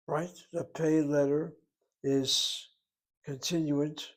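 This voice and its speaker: A man teaching Hebrew in a relaxed lecture, explaining terms patiently and asking rhetorical questions along the way. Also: a little high, measured pace.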